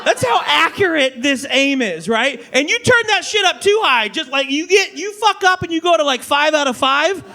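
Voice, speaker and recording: A man in his thirties doing a stand-up comedy set on a club stage, animated and slipping into mock voices. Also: very high-pitched, moderate pace, few pauses. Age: 30s. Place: comedy club stage before a live audience. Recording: live club audience faintly heard. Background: audience laughter.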